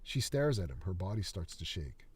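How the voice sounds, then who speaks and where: A man reading his screenplay aloud in a steady, dramatic manner. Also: low voice, moderate pace, husky.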